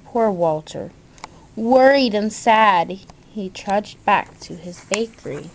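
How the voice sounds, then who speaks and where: A woman reading a picture book aloud in a gentle way, pointing out the pictures to her listeners. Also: medium pitch, takes it slowly. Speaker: storyteller.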